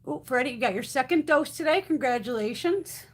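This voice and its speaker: A woman in her fifties talks casually to her live-stream viewers, swearing freely and telling animated stories. Her voice sits a little high and is somewhat husky. Her pitch swings widely as she talks. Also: a little fast.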